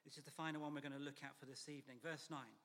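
A man preaching a sermon in a church, measured and emphatic, sometimes dropping to a near whisper. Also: medium pitch, fairly even intonation, creaky, a bit bright, big-room sound.

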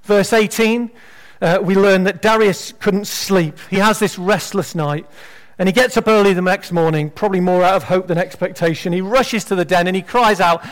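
A man delivers a sermon at a normal speed in a strikingly high voice. His style is lively and conversational, with dry, funny asides dropped between points.

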